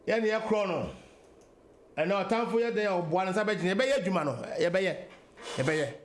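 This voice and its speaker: A man's voice: high voice, brisk, a little hiss or hum. A Ghanaian man hosting a political talk radio show, giving an emphatic monologue that mixes English and Twi.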